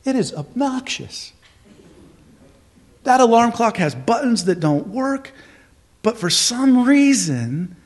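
A man preaching a sermon as pastor, emphatic, with rhetorical questions, swinging from loud to hushed. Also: extremely high pitch, sing-song, slow, long pauses.

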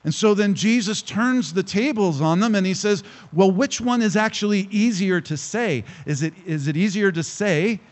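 A male pastor preaching a sermon to a congregation, emphatic and slowing down to stress key phrases. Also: high voice, lively intonation. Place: church hall with congregation.

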